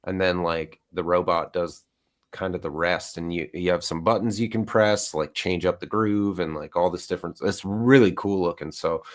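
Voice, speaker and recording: A man's voice: sits low, moderate pace. A middle-aged man co-hosting a live stream, chatting casually with lots of fillers. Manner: rambling, filler-heavy. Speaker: co-host. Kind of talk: casual chat.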